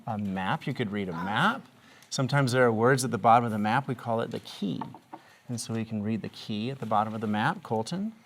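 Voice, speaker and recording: A woman teaching a kindergarten reading lesson, patiently asking questions and drawing out phonics patterns slowly. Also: extremely low pitch, slight background noise. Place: classroom with small children.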